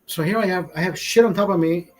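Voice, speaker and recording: A man's voice: high voice, quick pace. A man talking to his stream in a rambling, emotional monologue, swearing often and talking to himself. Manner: rambling, heavy swearing, self-talk.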